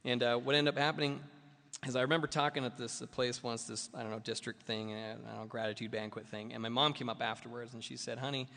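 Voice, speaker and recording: A man's voice: medium pitch, fairly even intonation, quick pace, creaky, bright, forceful tone. A man sharing his personal recovery story at a meeting, rambling and self-mocking with lots of fillers. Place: meeting hall. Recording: long reverb of a meeting hall.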